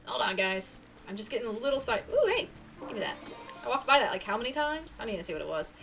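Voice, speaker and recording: A woman's voice: fairly high pitch, lively intonation, fast talker, creaky, a bit bright, far from the mic, faint music behind. A woman streaming a video game, chatting in a playful, self-mocking way as she plays. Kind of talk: casual gameplay chat.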